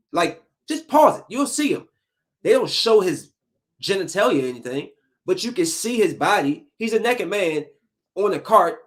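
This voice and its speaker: A man in his thirties hosting a podcast, giving a casual solo commentary in an animated, emphatic ranting style full of slang. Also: sits high. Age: 30s. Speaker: podcast host.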